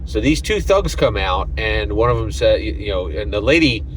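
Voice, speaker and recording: A man with a lowish voice walks through his tabletop game session in a loose, rambling way. He keeps checking in with "right?" and "you know" as he tells it. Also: lively intonation, normal speed, slight background noise, rough recording. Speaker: game master.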